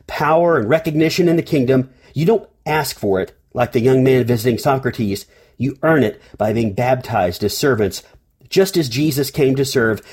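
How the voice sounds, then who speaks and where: A man's voice: fairly high pitch, a little mellow, slightly rough. A man reading scripture and preaching a sermon as pastor, telling stories and lifting his voice for quoted cries.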